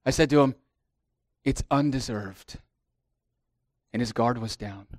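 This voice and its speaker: A middle-aged man preaching a sermon as pastor, swelling into emphatic lines and then dropping to hushed asides. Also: medium pitch, a little slow, dry recording, clean studio sound.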